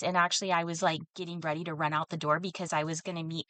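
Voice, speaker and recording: A woman's voice: lowish voice, steady tone, fast talker, a bit bright, no room sound. A woman co-hosting a podcast, telling a story in casual chat with lots of ums and laughs. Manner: storytelling with frequent fillers and laughs. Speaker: podcast co-host.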